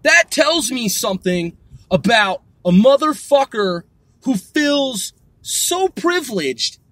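A man's voice: extremely high pitch, big pitch swings, takes it slowly, fairly bright tone, no room sound. A man delivering a heated, profanity-laden monologue, repeating himself as he builds up steam. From United States. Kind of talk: ranting monologue.

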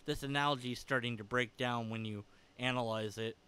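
A man's voice: mid-range voice, fairly even intonation, fairly quick, sharp tone, smooth. A man giving a casual commentary rebuttal, argumentative and sarcastic, laughing at times. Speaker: video creator responding to a critic.

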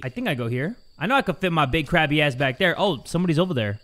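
A man doing let's play commentary as a gaming YouTuber, joking crudely and yelling at the game. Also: fairly high pitch, animated, rapid-fire.

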